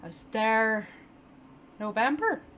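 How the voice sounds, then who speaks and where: A woman voicing a sardonic male barber in a tabletop game, mocking and loud. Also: high voice, animated, takes it slowly, slight background noise, full character voice. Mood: wry.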